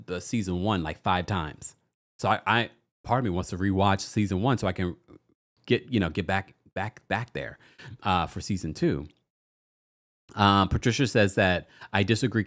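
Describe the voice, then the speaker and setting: A man's voice: low-pitched, normal speed, a bit bright. A man in his forties hosting a podcast, chatting casually through a reality TV recap and reading out listener comments. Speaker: podcast host.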